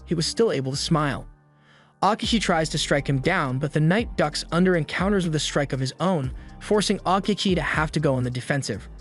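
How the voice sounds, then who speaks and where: A man giving a scripted, matter-of-fact narration of an anime plot. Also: on the high side. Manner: steady, matter-of-fact storytelling. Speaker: recap narrator.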